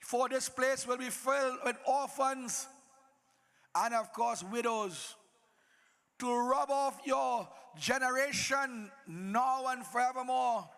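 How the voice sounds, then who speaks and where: A man telling a devotional epic to gathered devotees, his unusually high voice moving slowly and dramatically. He drops in folksy sayings and asides to the crowd. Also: fairly bright tone. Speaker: Ramleela narrator. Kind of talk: devotional storytelling to an audience.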